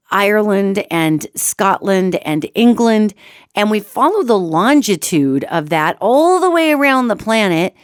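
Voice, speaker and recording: Middle-aged woman host with a hoarse, cold-roughened voice. Chatty and animated, mid-pitched, recorded dry. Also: dry recording. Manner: chatty and animated, addresses listeners as "gang". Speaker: radio show host. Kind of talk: solo talk-show monologue on metaphysics.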